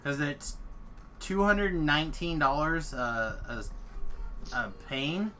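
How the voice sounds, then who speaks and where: A man's voice: fairly high pitch, takes it slowly, soft background music. A man streaming a game and chatting casually, telling stories with lots of laughter. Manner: animated storyteller, laughs often. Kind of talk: casual chat while gaming.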